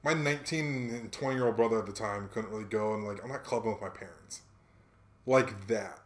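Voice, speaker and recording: A man's voice: lowish voice, fairly quick. Man telling slangy stories, echoey room. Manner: animated storyteller, slangy, acts out quotes. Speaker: podcast co-host. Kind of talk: casual chat, storytelling.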